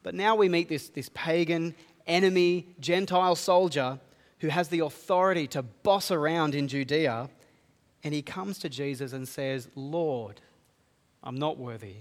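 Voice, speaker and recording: A man preaches in a reverberant church hall, reading verses aloud and unpacking them earnestly. His voice sits a little on the high side for a man. The long echo of the hall trails after his words. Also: measured pace. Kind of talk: sermon.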